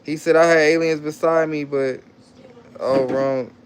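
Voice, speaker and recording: There's slight background noise as a livestream host with a fairly high pitch talks in a steady tone at a measured pace. Reading viewer comments aloud and repeating himself in casual slang, he's playful and coaxing toward his child.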